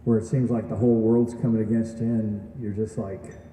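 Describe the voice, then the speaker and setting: A man's voice: on the low side, level tone, brisk, dark tone, a little hiss or hum. A man giving an earnest testimonial speech at a graduation event, telling his story and asking the audience questions. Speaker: graduation speaker. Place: event hall. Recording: echoey hall from far off.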